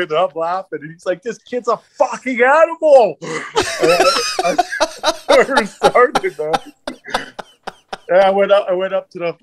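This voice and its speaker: A man's voice: on the high side, slight background noise. A middle-aged man, a former hockey enforcer, telling profane stories in casual chat and acting out the dialogue. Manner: profane, laughing, acts out dialogue in anecdotes. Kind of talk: casual storytelling.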